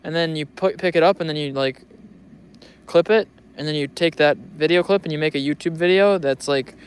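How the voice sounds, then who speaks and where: A man's voice: a little high, a little fast, smooth. A young man vlogging in a casual, joking, rambling way who swears freely. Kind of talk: casual rambling vlog commentary.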